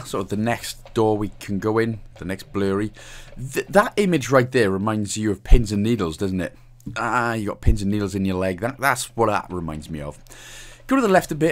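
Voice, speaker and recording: A young man with a Welsh accent talks through a game walkthrough in a chatty, cheeky way, joking and laughing as he plays. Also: mid-range voice. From Wales. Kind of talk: casual gameplay commentary.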